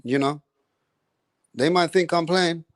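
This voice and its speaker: A man doing an impression of a quiet young boxer with a Southern American accent, in a lower, softer voice than his own and a laid-back, unhurried drawl. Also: no echo, clean studio sound.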